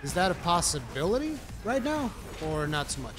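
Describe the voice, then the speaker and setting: A man giving live gameplay commentary, with brash, profane trash talk at his teammates and sudden excited shouting. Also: high voice, moderate pace, hardly any pauses. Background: game music.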